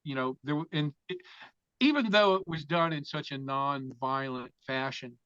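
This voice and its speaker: A man's voice: fairly high pitch, moderate pace, clear, resonant tone, no echo. A man from Florida, a guest in an interview, telling a long story with lots of swearing and acting out the other people in it. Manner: profane, animated storyteller who acts out other people's lines. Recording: dull, lo-fi sound.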